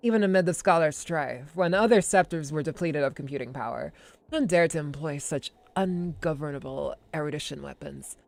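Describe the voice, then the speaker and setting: A man's voice: on the high side, moderate pace, gravelly, no echo. A man voicing an aloof female genius scientist with a dry, matter-of-fact delivery.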